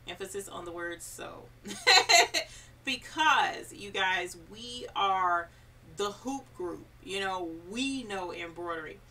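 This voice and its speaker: Live-stream host, woman, lowish and bright, reads chat aloud, off-mic. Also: measured pace, far from the mic. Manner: reads viewer comments aloud, chatty and encouraging. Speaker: embroidery channel host.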